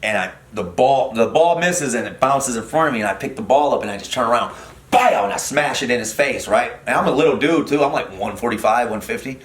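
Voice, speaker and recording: Middle-aged man, comedian guest, animated and profane, roomy studio echo. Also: medium pitch, brisk. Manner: animated, profane, many fillers and restarts. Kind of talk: casual storytelling chat. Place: podcast studio.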